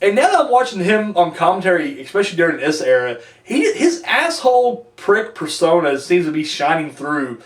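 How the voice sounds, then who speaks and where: A man's voice: high voice, very animated, moderate pace, few pauses. A man giving a casual, rambling wrestling review, swearing freely and using lots of fillers. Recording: echoey room, mic at a distance.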